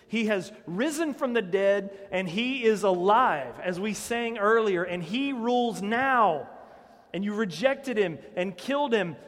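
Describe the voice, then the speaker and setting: High-voiced man preaching in a reverberant hall. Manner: conversational, animated preaching with direct questions. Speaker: pastor. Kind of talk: sermon. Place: church hall.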